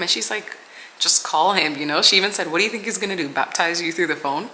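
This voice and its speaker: A woman's voice: fairly low pitch, animated, moderate pace, sharp tone, a little hiss or hum, rough recording. A young woman vlogger sharing a personal testimony in an earnest, rambling way, full of "like" and "you know.". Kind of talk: personal testimony, casual storytelling.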